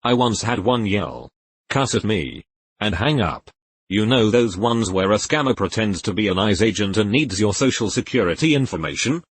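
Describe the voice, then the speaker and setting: A man with a low, husky voice reads internet posts aloud, his pitch rising and falling freely as he works through each one. The sound is close and dry, with no room around it. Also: lively intonation, normal speed, dry recording. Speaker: narrator reading Reddit posts.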